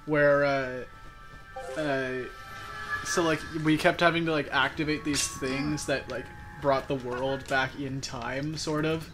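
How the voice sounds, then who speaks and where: A man's voice: mid-range voice, fairly even intonation, slow, music in the background. A man in casual gameplay commentary, joking and rambling with lots of filler words. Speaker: let's play commentator.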